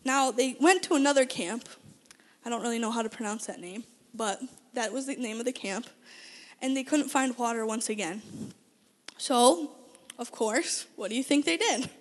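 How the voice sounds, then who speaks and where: A high-pitched woman gives a casual Bible lesson, retelling stories with lively energy. She stumbles and restarts phrases as she goes and throws questions to her listeners. Her voice rings out with a long reverb, as in a big hall. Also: normal speed. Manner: lively storytelling, frequent restarts, asks audience questions. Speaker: Bible teacher.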